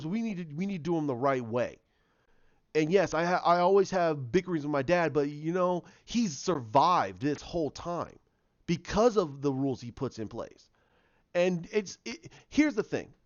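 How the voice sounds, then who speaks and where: Rambling, animated man recapping a show. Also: on the high side, no room sound, muffled recording. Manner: rambling, animated, acts out scenes with repeated restarts. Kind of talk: casual spoken recap.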